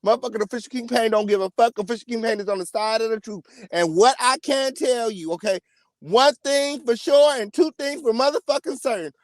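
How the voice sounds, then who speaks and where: A man hosting a celebrity gossip channel, giving an emphatic, profanity-heavy rant with sudden loud outbursts. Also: very high voice, brisk, no room sound, studio quality. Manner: profane, emphatic, repeats "okay?" and "period". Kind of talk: ranting celebrity gossip commentary.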